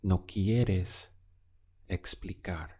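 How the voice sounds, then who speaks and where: A man teaching a recorded language lesson, asking slow, deliberate questions and pausing for the learner to answer. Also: sits low, mellow, slightly rough. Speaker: Spanish teacher.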